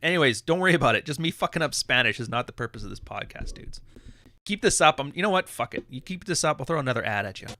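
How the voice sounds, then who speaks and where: A man's voice: medium pitch, lively intonation, fast talker, pushed and bright. A man hosting a live podcast, ranting bluntly with lots of swearing and laughter. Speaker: podcast host.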